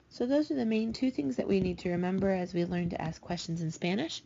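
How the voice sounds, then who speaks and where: A woman teaching a recorded language lesson, patiently explaining and slowing down to spell out each example. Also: mid-range voice, animated, creaky, mellow, a little hiss or hum. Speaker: Spanish teacher. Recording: dull lo-fi recording.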